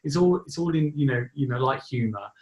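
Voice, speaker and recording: A man's voice: mid-range voice, lively intonation, a little fast, darkish tone, highs cut off. A man hosting a casual interview, talking enthusiastically and rambling with many restarts. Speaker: host. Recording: roomy echo.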